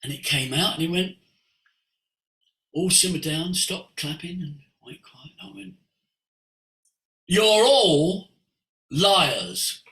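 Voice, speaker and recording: An older man, a voice coach, tells stories in an expressive way, moving between hushed asides and sudden exclamations. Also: a little high, moderate pace, long pauses. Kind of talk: animated storytelling. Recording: roomy echo.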